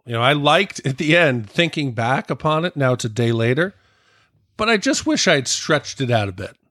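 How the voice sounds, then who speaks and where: A man co-hosting a podcast, chatting in a relaxed, rambling way. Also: mid-range voice, moderate pace, no echo, clean studio sound. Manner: relaxed, rambling talk with fillers. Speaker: podcast co-host. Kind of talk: casual podcast discussion.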